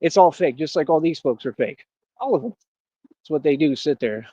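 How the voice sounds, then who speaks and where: A brash man rants on a live stream, boasting and daring his critics in heavy street slang. His voice sits a little high for a man. The dry, dull, lo-fi stream audio has no room sound at all. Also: expressive, moderate pace, dark tone, dry recording. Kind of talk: casual streaming rant.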